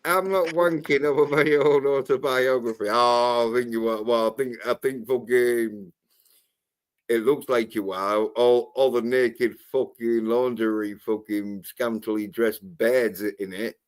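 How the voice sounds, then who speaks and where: A man's voice: medium pitch, flat delivery, slow pace, clean tone. Blunt, foul-mouthed man. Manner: profane, blunt and mocking. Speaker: livestream host. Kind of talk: casual panel chat.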